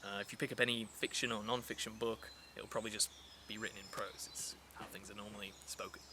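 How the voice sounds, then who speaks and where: A man's voice: lowish voice, little pitch movement, fast, pushed and bright, a little hiss or hum. Chatty male poetry teacher outdoors. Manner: chatty and explanatory, with many fillers and restarts. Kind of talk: casual spoken lesson. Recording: outdoor recording with clear nature sounds behind. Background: birds and rural ambience.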